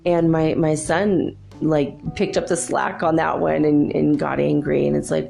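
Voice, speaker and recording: Middle-aged woman, low voice, gravelly, rambling spiritual talk, faint guitar behind. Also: little pitch movement, a little slow, dark tone. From United States. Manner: chatty, rambling storyteller, laughs often. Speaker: spiritual podcast host.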